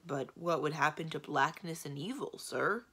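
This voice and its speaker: Woman doing a humble, gravelly ogre servant. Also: low-pitched, normal speed, sharp tone, exaggerated voice. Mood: anxious. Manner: plodding, humble and deferential. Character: anxious loyal male ogre servant, former sword swallower.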